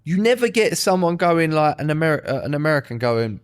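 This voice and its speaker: Swearing bloke in banter. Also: male voice, on the high side, big pitch swings, brisk, smooth. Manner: swearing, banter, mocking put-on voices. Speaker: podcast co-host. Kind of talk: casual chat.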